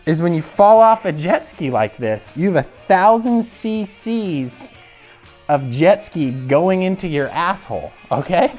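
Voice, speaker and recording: A young man from the show's crew telling a crude story in a casual, animated way, laughing often. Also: sits high. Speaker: show regular.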